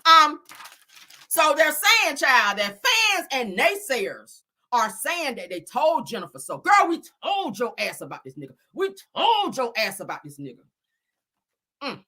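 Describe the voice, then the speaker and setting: A woman in her forties with a high-pitched voice hosts a laid-back celebrity gossip vlog at normal speed, talking to viewers animatedly, swearing, laughing often, and calling them "girl" and "child."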